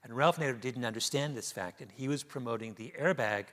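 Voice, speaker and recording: On a theater stage before an audience, a middle-aged author appearing as a guest tells stories with animation in a conversation, laughing often. His medium-pitched voice is a bit bright and a little fast.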